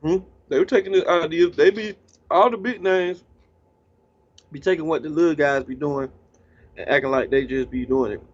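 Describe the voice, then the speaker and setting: A man's voice: on the high side, moderate pace, pauses often. A man talking as a guest DJ in a casual interview, laid-back and slangy, sometimes eating while he talks. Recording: slightly dull lo-fi sound.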